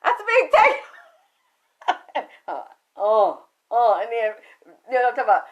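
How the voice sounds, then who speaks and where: A woman telling a story about a spiritual reading to an audience in a casual, animated way, full of cursing and sudden excited jumps in pitch. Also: measured pace. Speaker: spiritual medium recounting a reading.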